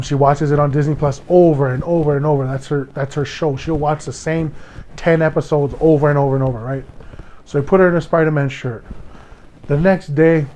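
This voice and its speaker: A man's voice: on the high side, darkish tone. Hawaiian man telling a heated story. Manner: emotional storytelling, restarts, quotes others in raised voice. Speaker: podcast host. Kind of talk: casual monologue podcast.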